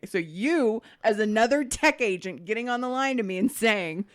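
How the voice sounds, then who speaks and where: A mid-range female voice moves at a moderate pace with hardly any pauses as she co-hosts a podcast. In casual chat, she tells a story animatedly and slips into other voices for the dialogue.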